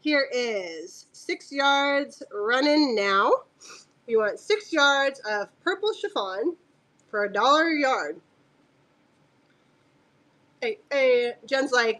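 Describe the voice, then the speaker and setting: Woman host for a live fabric sale: high voice, unhurried delivery, chatty and jokey with lots of laughter. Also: lively intonation, fairly bright tone. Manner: chatty and joking, laughs often, talks aside to her dog. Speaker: fabric seller on a live auction stream. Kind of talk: casual live-stream selling.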